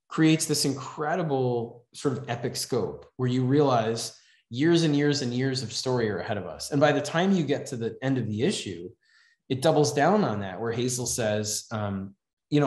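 A man's voice: mid-range voice, moderate pace. A man teaching a comics writing class in a casual, rambling way, with many fillers, reading comic dialogue aloud. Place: house event room. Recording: roomy echo.

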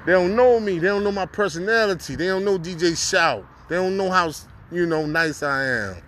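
A man talks straight to camera while out on a city street, easygoing and full of slang, laughing as he goes. His voice sits a little high and rings bright and forceful. Faint traffic noise hums underneath. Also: normal speed. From North Carolina. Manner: laid-back slangy street talk, laughs often. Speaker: vlogger. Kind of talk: casual vlog talk to camera.

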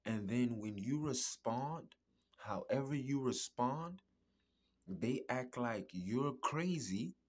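A man talking in a casual podcast monologue, emphatic, repetitive and profane, with a husky voice. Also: medium pitch, lively intonation, slow pace. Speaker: podcast host.

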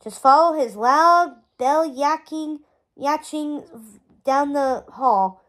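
A worn-out woman groans through her lines, plainly fed up, as a storybook reader voices her. The voice sits high and the delivery is exasperated and drained. It stays within a storybook read-aloud. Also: takes it slowly, a bit bright.

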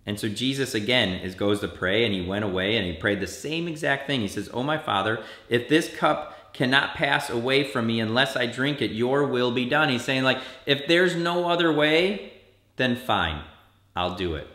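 A man as a children's pastor, telling a story to kids in an animated way and acting out the quotes with big jumps in pitch. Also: moderate pace, echoey room. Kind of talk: kids' church sermon.

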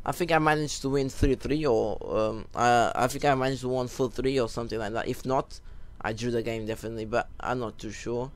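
A young man telling a rambling story while giving casual commentary over a football video game, breaking off for excited goal calls. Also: medium pitch, brisk. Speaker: gaming YouTuber.

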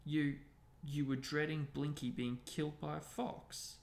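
A man's voice: fairly high pitch, steady tone, a little slow, creaky, echoey room. A man voicing an earnest, bookish teenage girl witch who reasons things out in a storybook reading.

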